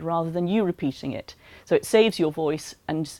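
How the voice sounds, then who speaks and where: A woman calmly explaining voice care to teachers in an educational talk. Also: low voice, normal speed, no echo. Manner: calm, explanatory, practical advice. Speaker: voice health advisor for teachers.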